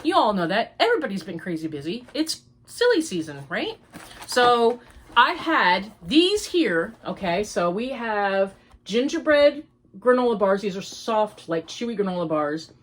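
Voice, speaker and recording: A woman's voice: mid-range voice, very animated, unhurried. An older American woman, rambling chattily as she hosts a crafting podcast. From United States. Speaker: podcast host. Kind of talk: casual chat.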